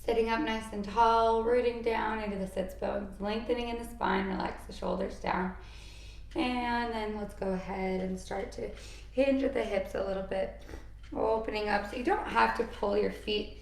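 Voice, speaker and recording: A woman guides a yoga session, calling out poses and breaths in a calm, encouraging way. Her voice has a slight gravelly fry at a mid pitch. The sound carries a roomy echo. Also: moderate pace. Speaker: yoga instructor. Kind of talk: guided yoga class instruction.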